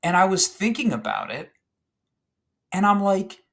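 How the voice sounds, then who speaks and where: A man chatting as a podcast guest, recounting a favorite film scene in an animated, rambling way with fillers and restarts. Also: high-pitched, a little slow, vocal fry.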